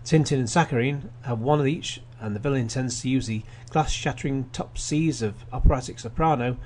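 A man's voice: medium pitch, fairly quick, a little mellow, a little hiss or hum. A man hosting a radio film show, reading plot summaries with wry asides and frequent restarts. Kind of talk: casual radio film review.

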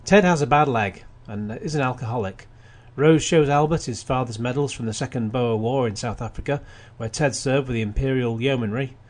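Brisk and barely pausing, a mid-range, dark-toned male host runs through movie plots on a radio show. His review is casual, peppered with wry asides and many restarts.

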